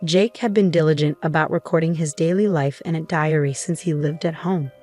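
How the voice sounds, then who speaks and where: A woman narrating a first-person story in an even, earnest scripted style. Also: low-pitched, a little fast. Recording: faint background music.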